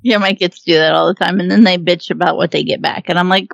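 A woman co-hosting a casual interview, chatty and quick to laugh. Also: lowish voice, steady tone, vocal fry, no room sound, dull audio. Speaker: podcast co-host.

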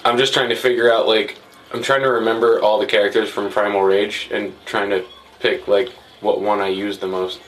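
A man's voice: fairly low pitch, little pitch movement, moderate pace, a little hiss or hum, rough recording. A man co-hosting a casual podcast, joking and laughing easily. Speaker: podcast co-host.

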